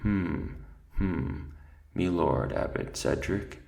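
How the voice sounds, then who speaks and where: A man's voice: sits low, slow pace, gravelly, darkish tone, heavily acted. A man voicing an ancient, absent-minded male mouse archivist who mumbles asides and then recites grimly in a storybook reading. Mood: doddering.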